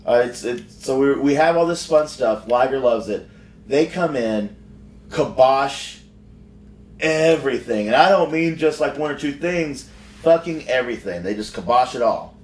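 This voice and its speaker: Man at mid pitch, rambling profane podcast story, echoey room, mic far away. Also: expressive, normal speed. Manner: rambling, profane, frequent restarts. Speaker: professional wrestler. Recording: roomy sound from far off.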